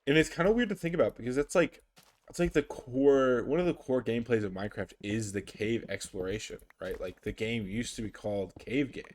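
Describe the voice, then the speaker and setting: A man's voice: medium pitch, a little mellow. A man giving casual, rambling commentary over his gameplay, with lots of fillers and restarts. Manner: rambling, filler-heavy, unhurried. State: sleepy, yawning. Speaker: gaming YouTuber.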